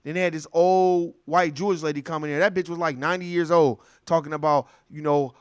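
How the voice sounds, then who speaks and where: A young adult man in a casual, profane monologue, telling stories with lots of energy and acting out other people's voices. His voice sits fairly high and sounds dry and close, with little room around it. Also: quick pace, few pauses, clean tone, no room sound. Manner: animated storytelling, acts out voices. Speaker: commentator.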